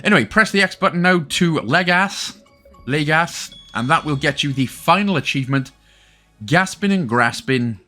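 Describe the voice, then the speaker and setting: A man's voice: a little high, expressive, normal speed, bright, forceful tone. A Welsh man hosting an achievement guide, talking chattily with joking asides. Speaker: gaming channel host. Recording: faint game music behind.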